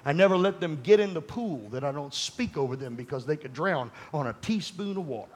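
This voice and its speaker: Fervent high-pitched preacher man. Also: expressive, fairly quick, breathy edge. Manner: fervent, rising to shouting, conversational asides to the congregation. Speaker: pastor. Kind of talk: sermon.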